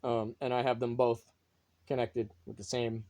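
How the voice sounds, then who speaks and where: A man from North Carolina talking casually to his phone in a rambling monologue, swearing often and filling pauses with ums and uhs. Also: mid-range voice, flat delivery, warm tone. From North Carolina, USA. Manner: swears a lot, rambling with many fillers. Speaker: vlogger.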